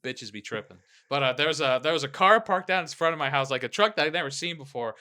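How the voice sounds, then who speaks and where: A young man co-hosting a casual podcast, telling a profane, animated story at home. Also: fairly high pitch, fast, smooth. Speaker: podcast co-host. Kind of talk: casual chat. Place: home room.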